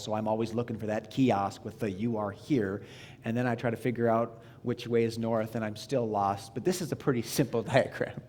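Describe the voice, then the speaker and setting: A male pastor delivering a sermon in a relaxed, conversational tone, often restarting phrases and dropping into asides. His voice sits in an ordinary middle pitch. A faint low rumble runs underneath the recording. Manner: conversational, self-deprecating preaching with restarts. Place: church sanctuary.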